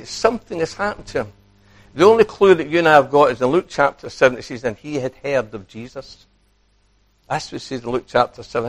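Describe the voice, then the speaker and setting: A man preaching a sermon, animated, acting out quoted speech and putting questions to his listeners. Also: mid-range voice.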